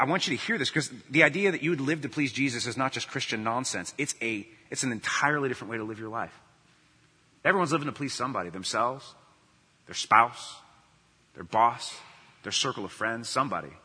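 A man's voice: mid-range voice, fairly quick, bright, forceful tone, slightly rough, in a large hall. A man preaching a sermon as pastor, conversational and earnest, often restarting phrases and adding "you know".

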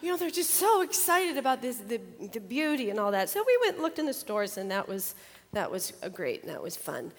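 An older woman, a grandmother, chatting about her grandchildren and then teaching a Bible lesson, animated and laughing as she tells stories. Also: medium pitch, big-room sound. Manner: chatty, animated, acts out children's voices with laughter. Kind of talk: casual storytelling and Bible lesson.

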